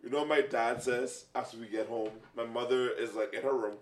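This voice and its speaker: Animated man telling a story, roomy sound. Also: brisk. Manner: animated storyteller, mimics relatives in low voices. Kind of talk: casual storytelling chat. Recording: roomy echo.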